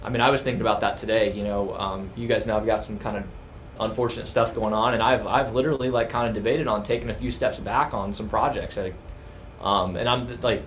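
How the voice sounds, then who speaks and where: A man hosts a casual livestream in a fairly low voice. He talks hesitantly and circles back on his words. Faint noise sits behind him. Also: steady tone, quick pace. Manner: hesitant, many fillers and restarts.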